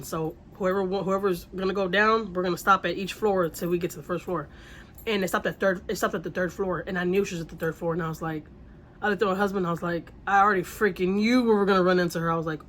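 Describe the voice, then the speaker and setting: Woman rambling through a storytime, repeats herself a lot, faint hiss behind. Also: on the low side. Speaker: vlogger telling a story. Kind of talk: casual storytime.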